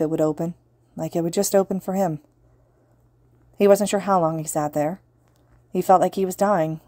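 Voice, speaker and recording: A woman reading fan fiction aloud as an audiobook narrator, in an earnest, steady way. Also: lowish voice, dry recording, studio quality. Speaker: podfic reader.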